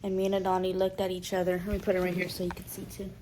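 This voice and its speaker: A woman's voice: fairly low pitch, racing, slight background noise. A young woman vlogging at home, telling a personal story in casual chat and acting out what others said. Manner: animated, quotes others in playful voices.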